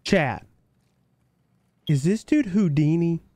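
A man's voice: a little high, lively intonation, slow, warm tone, slight background noise. A man live-streaming a shooter game, chatting with teammates and viewers in a hyped, slangy way, calling everyone baby and bro. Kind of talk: casual gameplay chat with teammates and viewers.

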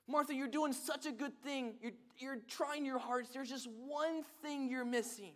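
A man's voice: extremely high pitch, animated, moderate pace, hardly any pauses. A man preaching a sermon, reading scripture and telling stories earnestly.

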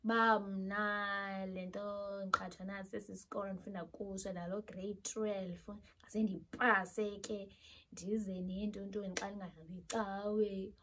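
A young South African woman with a South African accent telling a personal story in an animated, casual way. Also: medium pitch, unhurried. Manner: animated storytelling, switching between Xhosa and English. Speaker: YouTuber.

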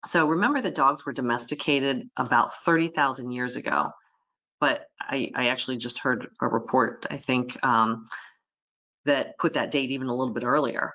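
Bright-voiced woman lecturing a webinar. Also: rumbling low, moderate pace, dull audio. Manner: lively, voices the animals' thoughts in quotes. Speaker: veterinarian presenting a webinar.

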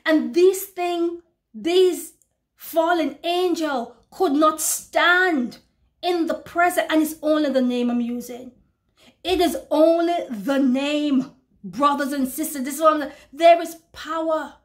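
A woman's voice: high voice, slow pace. A woman preacher giving a fervent testimony sermon, repeating phrases and calling out to her listeners. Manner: fervent, repeats phrases, addresses brothers and sisters.

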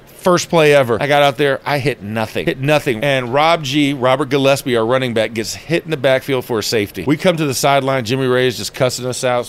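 A man's voice: mid-range voice, clean tone. A man in an interview, telling stories animatedly and acting out quotes in a raised voice, inside a stadium. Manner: animated storyteller, acts out quotes loudly. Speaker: interview guest, former football player. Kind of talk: storytelling interview.

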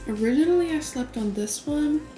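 A woman's voice: sits high, lively intonation, normal speed, dark tone. A college-age woman casually showing off her small dorm room in a chatty vlog, with lots of "like" fillers. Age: early 20s. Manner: chatty, lots of "like", says she is winded. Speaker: college student vlogger. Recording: music playing under the voice. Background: music.

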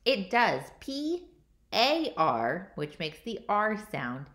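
A woman's voice: medium pitch, sing-song, takes it slowly, a bit bright. A woman teacher giving a phonics lesson to young children, patiently repeating each word and answering her own questions.

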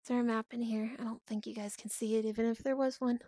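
A woman's voice: on the high side, little pitch movement, quick pace, mellow, no echo, clean studio sound. A woman hosting a casual livestream, playful and mock-dramatic, often breaking into laughter. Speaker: livestream host.

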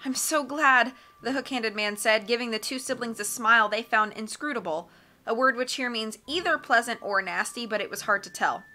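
A woman narrating an audiobook in an expressive, measured way. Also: a little high. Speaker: audiobook reader.

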